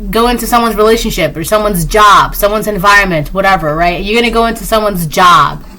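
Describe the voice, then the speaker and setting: Bright-voiced woman giving a rambling tarot reading. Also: medium pitch, brisk. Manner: rambling, with many fillers and repeated phrases. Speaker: tarot reader. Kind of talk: casual spoken tarot reading.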